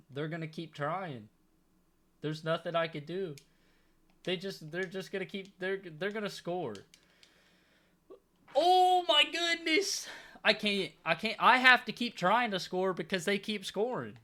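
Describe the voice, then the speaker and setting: Bright-voiced young man pleading over a game. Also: high voice. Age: young adult. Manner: exasperated, pleading, comic complaining. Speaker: gaming YouTuber. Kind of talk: live game commentary.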